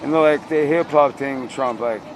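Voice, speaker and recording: A man's voice: mid-range voice, moderate pace, noisy background. A man improvising a rambling, slangy comedic rant as host, mock-interviewing someone.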